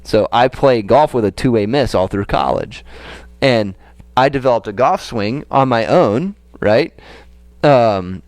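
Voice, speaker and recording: A man co-hosting a casual podcast, telling a story with animated swings as he acts out his own frustration. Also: mid-range voice, unhurried, no room sound. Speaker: golf coach and podcast co-host.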